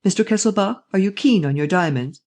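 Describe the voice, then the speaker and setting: A man voicing a suave, mocking gentleman thief who is excitable and quick to laugh. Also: high voice, voice pushed up. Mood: scheming.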